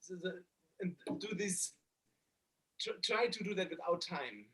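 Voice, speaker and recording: A man's voice: high voice, expressive, a little slow, a bit bright. A man teaching a cello masterclass, hesitant and often restarting, singing phrases to show them. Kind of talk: masterclass coaching. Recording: cello music playing behind.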